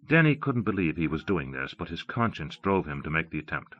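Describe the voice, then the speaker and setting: A man narrating an audiobook in a measured, expressive reading. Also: very deep voice. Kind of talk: scripted narration. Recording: dull lo-fi cassette audio.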